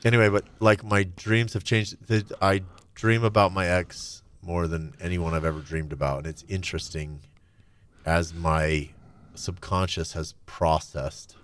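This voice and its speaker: A middle-aged man telling his own story candidly and reflectively, his voice often trailing off soft and low. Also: flat delivery, unhurried, clear, resonant tone. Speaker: guest.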